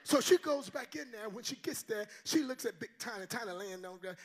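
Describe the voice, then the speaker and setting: An older man preaching a sermon as a guest pastor, shouting in call-and-response. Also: high voice, animated, a little fast.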